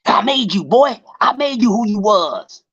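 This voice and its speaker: A man mimicking a boastful, possessive male boxing mentor who taunts his former fighter in quick, repetitive jabs. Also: sits high, expressive, husky, lo-fi sound, pitched above the performer's own voice, full character voice. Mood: taunting. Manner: mocking, repetitive taunts, rising to a shout.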